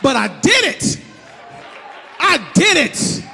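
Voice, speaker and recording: A man in his thirties performing live stand-up comedy, loud and animated, often shouting. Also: very high-pitched, slow, creaky, some chatter behind, slight background noise. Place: comedy stage in Miami. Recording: live set with hall reverb.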